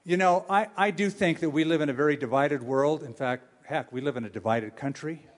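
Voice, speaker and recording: A male pastor preaching a sermon, with animated, humorous storytelling and questions for his audience. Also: on the high side, a little fast.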